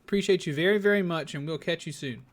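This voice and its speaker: A man's voice: fairly high pitch, fast. A man streaming a game live, chatting casually and upbeat, often thanking viewers. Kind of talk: casual live gaming commentary.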